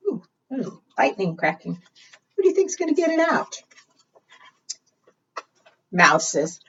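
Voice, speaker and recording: Woman librarian for preschool storytime, bouncy and sing-song, slow and deliberate, recorded from a distance on dull audio. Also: on the low side, breathy edge. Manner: animated, questioning the children, singing. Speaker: children's librarian. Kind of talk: preschool storytime read-aloud.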